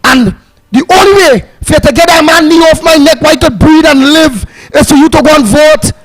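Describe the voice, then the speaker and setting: A man's voice: extremely high pitch, a little fast, slight background noise, rough recording. A man with a Trinidadian accent hosting a call-in radio show, emphatic and fiery, repeating words and slipping into a sing-song. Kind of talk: animated call-in radio talk.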